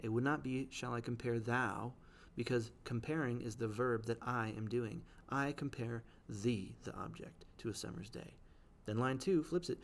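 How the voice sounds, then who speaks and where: A man teaching, explaining the language of poems in a patient way. He checks in often with "right?" and reads the quoted lines slowly. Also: medium pitch.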